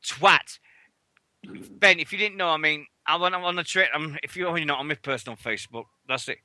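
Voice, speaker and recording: A man's voice: on the high side, normal speed, pushed and bright, no echo. A British man hosting a wrestling radio show, swearing constantly as he rambles through stories. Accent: British English. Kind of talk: casual chat.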